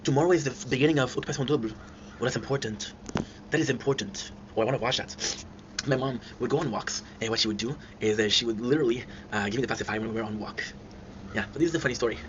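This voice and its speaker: Fast-talking man, laughing storyteller. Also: mid-range voice. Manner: rambling, laughs through his stories. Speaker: channel host. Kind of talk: casual storytelling. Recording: dull lo-fi sound with clear noise.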